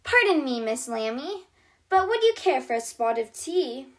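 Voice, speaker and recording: A woman's voice: high-pitched, very animated, moderate pace. A woman voicing a cheerful, caring young girl who plays toy doctor, in a children's storybook reading. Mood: cheery. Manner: bright, kind, reassuring. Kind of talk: storybook read-aloud for kids.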